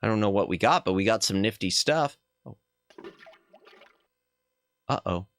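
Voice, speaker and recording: A man streaming a game as a VTuber, chatting casually with viewers and reacting loudly to what happens on screen. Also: lowish voice, lively intonation, unhurried, no echo. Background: game music.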